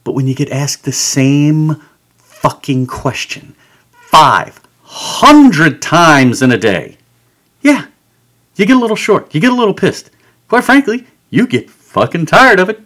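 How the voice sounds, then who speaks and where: A man's voice: on the high side, sing-song, measured pace, a bit bright. A man hosting a podcast, delivering an angry, sarcastic rant full of swearing. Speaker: podcast host. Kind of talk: profane comedic rant. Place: home studio.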